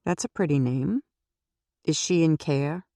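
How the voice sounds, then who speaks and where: Narrator lady doing an older nun counselor, low mellow voice, soft gentle questions, dry close audiobook sound. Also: unhurried, no echo. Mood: concerned. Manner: calm, gently probing questions.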